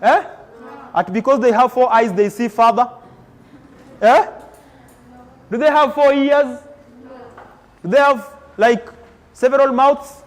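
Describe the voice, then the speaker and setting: Energetic male motivational speaker, high and animated, leading chants in a reverberant school hall. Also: takes it slowly, long pauses. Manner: energetic call-and-response, code-switching. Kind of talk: motivational talk to students. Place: school hall with student audience.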